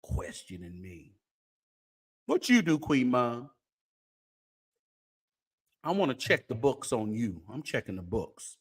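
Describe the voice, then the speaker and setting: A man hosting a late-night gossip livestream, his pitch swooping widely as he teases and chats with his viewers. He takes his time, stretching out his exclamations. His talk is casual and aimed right at the audience. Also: very animated, husky. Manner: chatty, teasing, drawn-out exclamations, talks to viewers. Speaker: show host.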